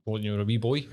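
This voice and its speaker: A man with a Scottish accent hosting a podcast, bantering in casual chat, sweary and laughing often. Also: mid-range voice. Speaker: podcast host.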